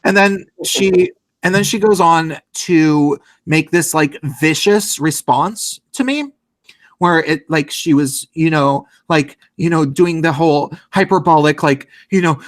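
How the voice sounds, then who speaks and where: A man with a slightly high voice tells a long, rambling story in casual podcast talk. He leans on many fillers and throws in swearing as he goes. The sound is dry and close-miked. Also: unhurried, dry recording.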